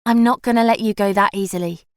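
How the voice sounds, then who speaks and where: A woman voicing a caring young woman who gently insists her friend stay and talk. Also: medium pitch, steady tone, quick pace, no echo, clean studio sound, lightly acted. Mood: coaxing. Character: warm, persistent young woman comforting a friend.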